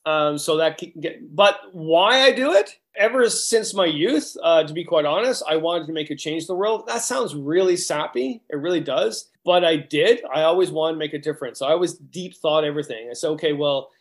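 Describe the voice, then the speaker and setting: A man's voice: on the high side, lively intonation, moderate pace, few pauses. A man, a guidebook author talking as a guest in a hyper, rambling way with many restarts. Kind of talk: casual interview chat.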